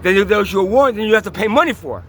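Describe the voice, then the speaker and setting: A man vlogging about his own troubles, swinging from halting talk into an angry, profane rant full of rhetorical questions. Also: sits high, a little hiss or hum. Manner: halting with many restarts when calm. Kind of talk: personal video diary and rant.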